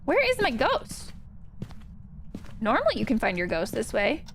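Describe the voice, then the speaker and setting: A woman's voice: a little high, wildly swooping pitch, unhurried. A woman streaming a ghost-hunting game, chatting playfully with her viewers. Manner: chatty, thanks chat, playful slang. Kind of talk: chatty gameplay livestream.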